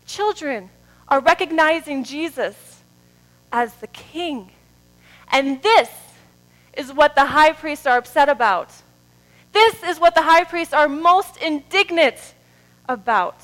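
A woman preaching a sermon in a church, moving between soft, drawn-out phrases and loud, rising calls. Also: high voice, lively intonation, poor audio.

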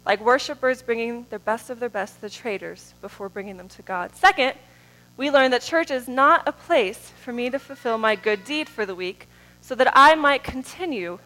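High-voiced woman preaching with swinging intensity. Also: rough recording. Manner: dynamic preaching, swings from soft drawn-out words to loud rising calls. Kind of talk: sermon.

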